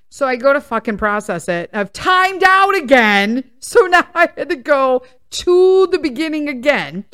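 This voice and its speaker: Woman host, casual storyteller, fairly high pitch, exasperated and foul-mouthed, acts out quotes. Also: very animated, a little slow, hardly any pauses, fairly bright tone. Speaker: podcast host.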